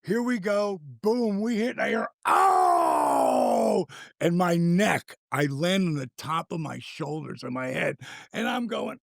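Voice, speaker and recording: Gravelly older man telling a wild story. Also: high-pitched, moderate pace, no room sound, studio quality. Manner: animated, swears freely, acts out quotes. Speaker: guest. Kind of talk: casual storytelling chat.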